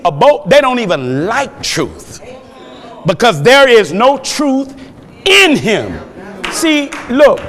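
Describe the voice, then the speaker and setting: A man preaching a fiery sermon, shouting his points with chuckling asides between them. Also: very high-pitched. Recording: long hall reverb.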